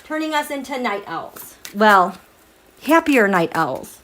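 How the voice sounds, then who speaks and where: This is a woman with a fairly high voice running a casual tarot livestream from home late at night. She talks to her viewers in a chatty, animated way, laughs often, and reads their comments aloud. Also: slow pace.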